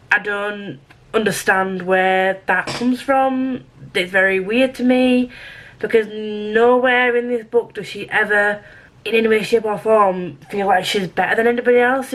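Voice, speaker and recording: British woman, casual book review vlog, chatty, self-deprecating, mid pitch. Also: a bit bright, rough recording.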